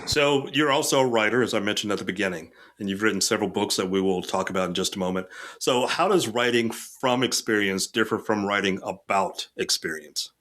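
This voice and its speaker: A man hosting a podcast, asking his guest measured, plain questions. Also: fairly low pitch, fairly bright tone. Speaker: podcast host. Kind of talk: interview questions.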